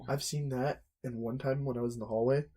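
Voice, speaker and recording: Young male podcast co-host, husky mellow voice, animated storyteller. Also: medium pitch, fast talker. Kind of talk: casual chat.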